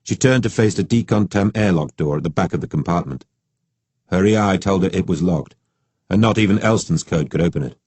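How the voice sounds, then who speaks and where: A male audiobook narrator with a low, husky voice reads in a measured, steady way. The studio mic is close and the sound is dry, with no room around it. Each sentence gets the same even weight. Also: no echo. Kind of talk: scripted narration.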